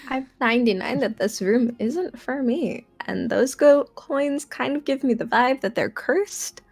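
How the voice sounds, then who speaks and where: A woman's voice: high voice, a little slow, darkish tone. A woman tabletop player who speaks hesitantly and trails off.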